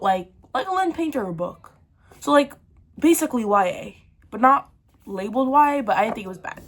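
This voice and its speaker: A teenage girl chatting casually to her viewers, ranting animatedly about books and laughing through a storytime. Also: fairly high pitch. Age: teens. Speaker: book vlogger.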